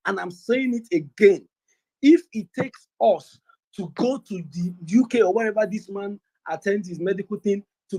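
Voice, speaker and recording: A man from Nigeria arguing politics in a forceful, defiant and emphatic way. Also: high-pitched, slightly rough, poor audio. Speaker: debate participant. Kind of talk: impassioned political argument.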